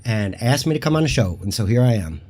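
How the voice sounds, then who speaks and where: A man's voice: medium pitch, animated, fast, warm tone. Sarcastic, combative male stream guest. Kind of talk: casual livestream chat.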